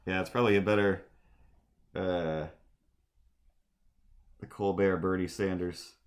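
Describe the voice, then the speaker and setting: A man's voice: low voice, fairly even intonation, unhurried. Rambling, self-mocking man on a livestream. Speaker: streamer and artist. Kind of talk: casual livestream chat.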